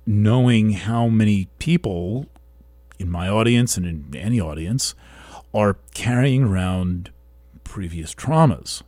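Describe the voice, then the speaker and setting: A man with a lowish voice speaks slowly and thoughtfully, pausing and restarting as he works through his ideas. He sounds like the host of a weekly talk show. The recording is close and dry, with no room echo. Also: lively intonation, mellow. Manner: slow, thoughtful, halting with restarts. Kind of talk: reflective monologue.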